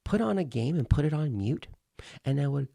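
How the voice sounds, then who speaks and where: A male speaking coach talks through his lesson in a deliberate, teacherly way, repeating key phrases so they stick. His voice is mellow with a gravelly edge. The sound is dry and close. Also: fairly high pitch, lively intonation, no room sound. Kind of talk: instructional video.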